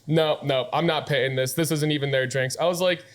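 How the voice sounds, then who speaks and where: A man's voice: on the high side, fairly quick. Young man ranting through a bar story. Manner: animated, swearing, laughing while telling a story. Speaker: podcast host, bartender. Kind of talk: casual storytelling chat.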